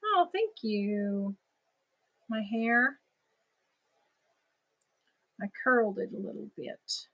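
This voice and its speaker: A woman's voice: on the high side, big pitch swings, extremely slow, pauses often, highs cut off. A woman with a German accent, a native German speaker, chatting casually with viewers as host of a crochet livestream, answering comments and laughing at herself.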